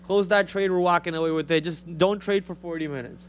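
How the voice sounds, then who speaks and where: A man from India, a Telugu speaker, hosting a live stock trading stream with excitable, joking chat. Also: high-pitched, brisk, a little hiss or hum.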